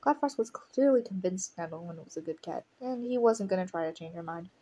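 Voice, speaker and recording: A woman's voice: lowish voice, lively intonation, a little fast, few pauses, mellow, slight background noise. A woman reading a fan story aloud, breaking off to laugh and react to it. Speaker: audiobook reader of a fan story. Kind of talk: casual reading with commentary.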